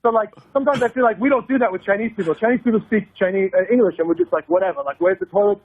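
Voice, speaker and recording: A man, a stand-up comedian, telling a story on a radio show with quick halting restarts. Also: high-pitched, slightly rough, dry recording, narrow, tinny audio. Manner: fast, halting restarts, switches into Mandarin. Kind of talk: street comedy bit and studio chat. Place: radio studio.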